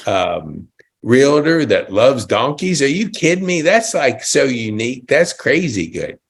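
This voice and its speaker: A man's voice: mid-range voice, sing-song, a little slow, gravelly, slightly rough. A man hosting an interview, enthusiastic and rambling, often restarting his sentences. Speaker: podcast host. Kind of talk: casual interview chat.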